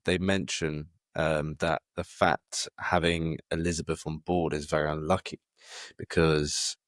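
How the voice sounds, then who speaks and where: Low guy musing out loud, lots of ums, dry close sound. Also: level tone, a little slow, no echo. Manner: rambling, hesitant with many fillers and restarts. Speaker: podcast co-host. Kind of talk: casual chat.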